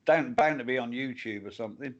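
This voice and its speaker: A man with a mid-pitched voice co-hosts a casual live stream. He chips in with dry, teasing remarks. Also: fast, muffled recording. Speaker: co-host.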